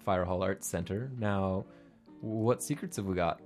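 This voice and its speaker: A man's voice: low voice, unhurried, soft background music. A young man hosting a campus radio arts show, talking casually with many hesitant restarts.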